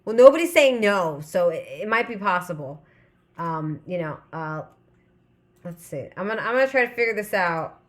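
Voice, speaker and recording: A woman's voice: fairly low pitch, animated, moderate pace. A woman in her thirties hosting a live stream, chatting casually and reading viewers' comments aloud. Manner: rambling, chatty, reads chat aloud. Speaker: livestream host.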